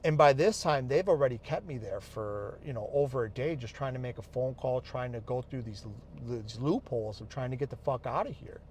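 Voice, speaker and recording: A man's voice: medium pitch, animated, fairly quick, few pauses, a little mellow, slight background noise. A man telling his own story to camera in a casual, heated monologue, swearing a lot. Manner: angry, heavy swearing, quoting others in his own voice. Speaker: vlogger recounting his rehab experience.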